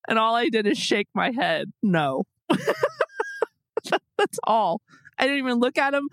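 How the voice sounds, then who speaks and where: Host, woman, lively storyteller with big pitch swings and dry close mic; acts out her own quotes. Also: a little slow, vocal fry, no echo. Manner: animated, acts out her own exasperated quotes, swears freely. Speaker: podcast host. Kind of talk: casual storytelling chat.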